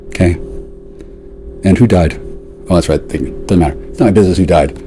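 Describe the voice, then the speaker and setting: This vlogger's voice has a darkish tone and big pitch swings, moving fairly quickly with long pauses, against slight background noise. He directs a sarcastic, profane, confrontational rant at a woman who is absent, swinging from jeering outbursts to muttered asides.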